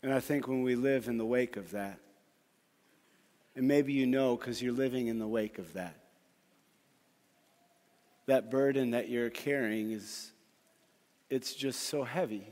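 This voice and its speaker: A man preaching a sermon as a pastor, speaking earnestly and pausing often, then pressing his points with more force. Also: medium pitch, a little mellow, big-room sound.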